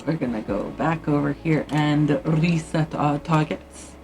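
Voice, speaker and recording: With a deep, darkish voice and an unhurried pace, a woman livestreams her writing, casually thinking aloud and muttering to her viewers. Faint music plays behind her, and the audio quality is poor.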